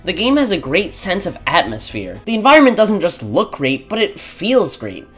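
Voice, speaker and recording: A man's voice: sits high, huge pitch swings, normal speed, a bit bright, husky, soft background music. A man narrating a scripted game review in a blunt, opinionated, sarcastic manner.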